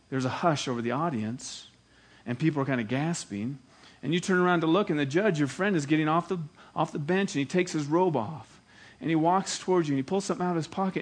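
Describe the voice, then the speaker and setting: A male pastor preaches a sermon with dramatic emphasis, leaning into repeated phrases. His voice sits a little higher than most men's.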